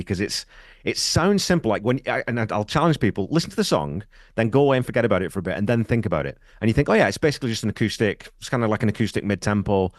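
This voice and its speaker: A man hosting a podcast, chatting in a quick, animated way with his guest. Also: on the low side, dry recording, studio quality. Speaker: podcast host. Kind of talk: casual interview chat.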